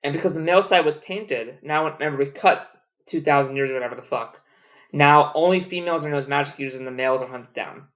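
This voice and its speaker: A man's voice: fairly high pitch, quick pace. Rambling, joking young man co-host. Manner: rambling, animated, joking, swears. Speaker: podcast co-host. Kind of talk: casual chat.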